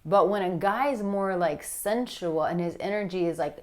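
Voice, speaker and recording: A woman dating coach giving casual advice straight to camera, animated and blunt, with some swearing. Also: on the low side, normal speed, hardly any pauses. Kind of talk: direct-to-camera advice vlog.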